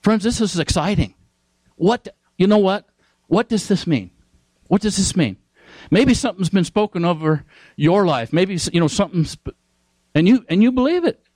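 A man's voice: high-pitched, expressive, normal speed, darkish tone, dry recording, low-quality recording. A man preaching a sermon, emphatic, repeating key phrases and asking his listeners questions.

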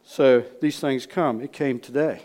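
A man's voice: mid-range voice, measured pace. Folksy preacher man telling a story. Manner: animated, swings from loud re-enactment to hushed asides; repeats words, folksy speech. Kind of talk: storytelling sermon.

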